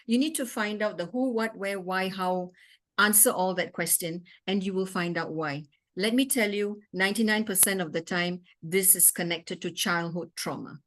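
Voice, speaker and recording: Woman doctor giving an emphatic talk. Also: medium pitch. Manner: emphatic, repeats rhetorical questions. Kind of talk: interactive health talk with Q and A.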